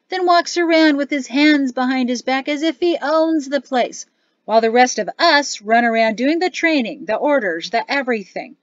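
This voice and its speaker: Woman voicing a loud, griping army staff sergeant. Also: extremely high pitch, no room sound, pitched above the performer's own voice. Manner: loud, complaining, boastful. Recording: slightly dull dry studio recording.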